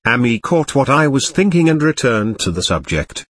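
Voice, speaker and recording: Husky man reading a story aloud. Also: medium pitch, very animated, normal speed, fairly bright tone. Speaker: audiobook narrator. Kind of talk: scripted narration.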